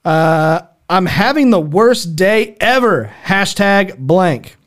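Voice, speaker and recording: Male podcast host with a high voice, loose and jokey, reads out questions between laughs. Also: animated, slow pace. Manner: reads out prompts, laughs often. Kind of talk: casual comedy podcast banter.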